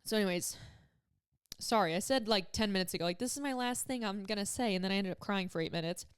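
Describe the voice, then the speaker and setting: A woman's voice: mid-range voice, quick pace, smooth. A woman in her twenties hosting a solo podcast, talking casually and emotionally, choked up and rambling with many fillers. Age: 20s. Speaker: podcast host.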